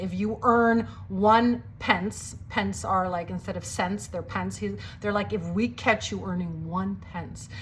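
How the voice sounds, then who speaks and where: A woman's voice: medium pitch, fairly even intonation, measured pace, hardly any pauses, a little hiss or hum. A woman with a slight cold telling a personal faith story in a casual, chatty way, full of "like" fillers and acting out quoted lines. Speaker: storyteller sharing a testimony.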